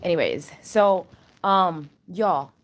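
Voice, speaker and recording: A woman chatting at home in a casual spiritual vlog, animated and rambling, with loose slangy talk. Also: on the low side, slow. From Chicago area. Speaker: channel host.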